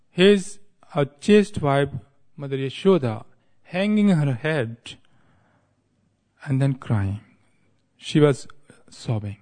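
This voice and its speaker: Man telling a devotional story. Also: a little high. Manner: relaxed storyteller who chuckles at his own wordplay; explains terms and restates lines as he goes. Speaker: spiritual speaker.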